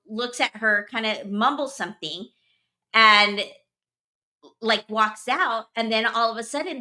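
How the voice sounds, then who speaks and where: A young woman with a highish, sharp voice hosts a podcast and tells a story in casual, chatty conversation. Her speech is packed with "like," "blah, blah," and other fillers.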